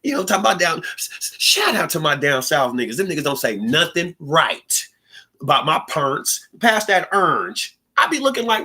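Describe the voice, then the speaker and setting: A man's voice: fairly high pitch, big pitch swings, brisk, pushed and bright. A young man from the Pacific Northwest hosting a livestream, talking casually in a rambling, joking way with lots of slang and laughter. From Pacific Northwest (Seattle). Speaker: livestream podcast host. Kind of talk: casual monologue.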